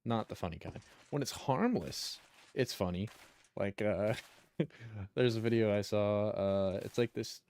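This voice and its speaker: Young guy streamer, slightly low voice, loose profane chatter, tells stories while playing. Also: measured pace, darkish tone. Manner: rambling, profane, chuckles while telling stories. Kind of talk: casual chat while gaming.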